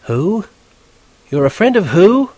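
A man's voice: fairly high pitch, sing-song, normal speed, no room sound, voice pushed up. A man voicing a brash, irritable young woman on the phone who turns falsely gracious in an audiobook. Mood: irritated. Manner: snappish, turning falsely gracious. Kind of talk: audiobook character voice.

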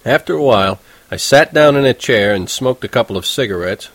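A man's voice: mid-range voice, lively intonation, a little fast, no echo. A man reading a first-person novel aloud in a wry, conversational storytelling manner. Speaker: audiobook narrator.

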